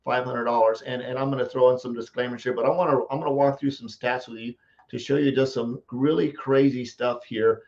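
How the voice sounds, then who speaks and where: A man from the United States, a marketing coach, giving a casual live-stream pitch and repeating phrases for emphasis. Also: darkish tone, lo-fi sound.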